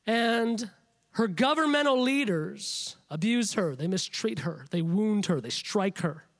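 A man delivering a sermon in a strikingly high voice. He is emphatic and stacks repeated phrases to build each point. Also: animated, unhurried, a bit bright. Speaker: preacher.

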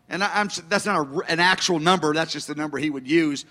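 Bright, high-voiced male pastor. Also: fairly even intonation, fast talker, hardly any pauses, in a large hall. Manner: anecdotal, self-deprecating, chuckling asides. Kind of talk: storytelling sermon.

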